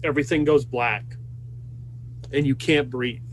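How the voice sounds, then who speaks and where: A man running a tabletop game over a voice call, narrating scenes in a mid-pitched voice. He talks loosely and hesitantly, leaning on fillers as he paints the action. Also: steady tone, unhurried, a little hiss or hum. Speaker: game master.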